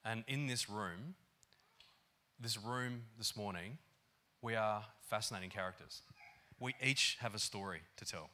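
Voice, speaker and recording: Man, pastor, sermon, low voice, bright and forceful. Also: unhurried. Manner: animated and conversational, many fillers. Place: church hall.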